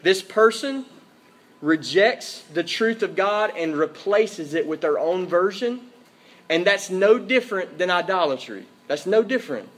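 Pastor guy preaching at church, kinda high voice, hammers his points over and over. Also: expressive, a little slow. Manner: emphatic, repeats key phrases, checks in with "Okay?". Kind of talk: sermon. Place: church service.

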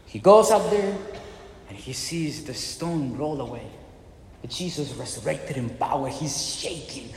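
A man's voice: mid-range voice, lively intonation, unhurried, a little hiss or hum. A man preaching a sermon with impassioned, dramatic storytelling in a church hall. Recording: echoey hall with long reverb.

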